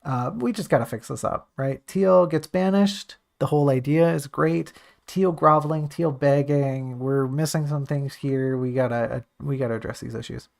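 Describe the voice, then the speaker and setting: A man's voice: mid-range voice, moderate pace, gravelly, few pauses, a little mellow. A man in casual stream commentary, reviewing his own writing draft, thinking aloud in a self-critical, joking way.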